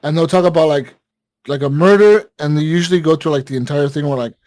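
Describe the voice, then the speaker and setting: A man's voice: on the high side, fast, a little mellow, no room sound. A man casually telling a long story on a gaming podcast, rambling with lots of fillers and swearing. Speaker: podcast co-host.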